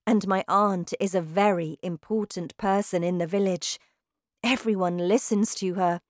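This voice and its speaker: A woman reading aloud who voices a gentle, kind young woman teacher, speaking softly and calmly. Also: medium pitch, unhurried, dry recording, clean studio sound, natural voice. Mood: sad. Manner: soft, calm.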